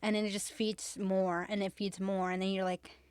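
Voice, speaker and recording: A woman's voice: medium pitch, flat delivery, normal speed, darkish tone, smooth, no echo. Blunt, emphatic woman podcaster. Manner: emphatic, repetitive, swears freely, fillers of "like". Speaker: podcast host. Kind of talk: casual chat.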